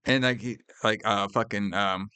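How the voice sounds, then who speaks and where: A man co-hosting a podcast, casually recapping a horror movie scene by scene, profane and animated, acting out the characters' lines. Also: lowish voice, normal speed, clear, resonant tone, no room sound. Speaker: podcast co-host.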